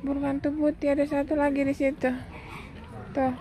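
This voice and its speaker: A woman vlogging casually, cooing at birds in a high baby voice. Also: level tone, fairly quick, dark tone. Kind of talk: casual travel vlog.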